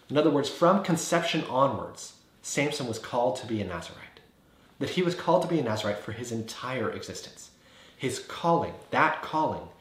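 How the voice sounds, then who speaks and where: Earnest male Bible teacher, mid-pitched, rhetorical questions, echoey room. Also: a bit bright. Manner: earnest, builds points with repeated phrases and rhetorical questions. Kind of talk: explanatory teaching video. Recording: roomy echo.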